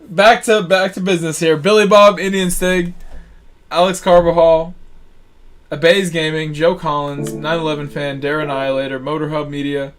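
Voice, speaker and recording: A man's voice: a little high, level tone, normal speed. A man hosting a racing game live stream, casually thanking supporters and reading out long lists of viewer names.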